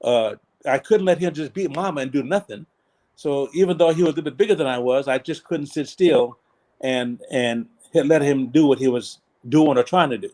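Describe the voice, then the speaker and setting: A man in his seventies, a pastor and podcast guest, telling a personal story in an earnest, measured way that slows down for emphasis. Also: medium pitch, darkish tone. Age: 70s.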